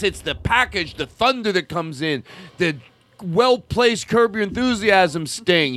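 A man hosting a podcast, boisterous and teasing, swearing freely in loud comic banter. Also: high-pitched, animated, measured pace, soft background music. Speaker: podcast host.

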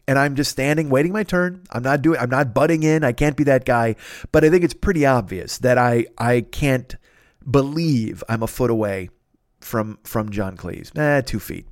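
A man hosting a comedy podcast, telling a story in a profane, animated way and acting out the people in it. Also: mid-range voice, normal speed, no echo, clean studio sound. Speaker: podcast host.

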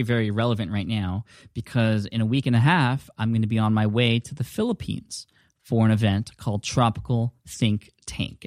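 Upbeat low-voiced male podcast host. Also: a little mellow, dry recording. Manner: upbeat, chatty. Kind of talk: casual podcast talk. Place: home office. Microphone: studio dynamic mic at a desk. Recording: dry close-mic studio sound.

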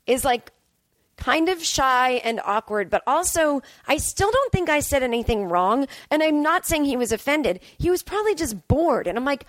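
With a high-pitched voice and a quick pace, this woman comedian rambles through a self-deprecating story on her podcast, acting out what she said in lively fashion. The recording has no room sound.

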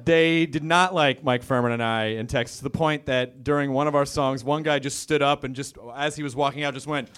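A man's voice: medium pitch, fairly even intonation, a little fast, few pauses, fairly bright tone, slight background noise. A male host introducing comics on stage, loose, enthusiastic and swearing freely.

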